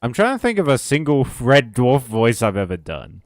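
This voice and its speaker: A man's voice: mid-range voice, big pitch swings, normal speed, dry recording, clean studio sound. A man streaming a game, chatting casually with viewers, joking and swearing as he plays. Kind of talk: casual gameplay commentary.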